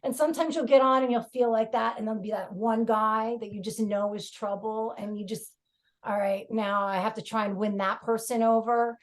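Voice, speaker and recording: A woman's voice: on the high side, steady tone, moderate pace. A woman comedian with a New York accent, chatting frankly on a podcast with lots of fillers and laughter. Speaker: comedian guest. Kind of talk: casual podcast chat.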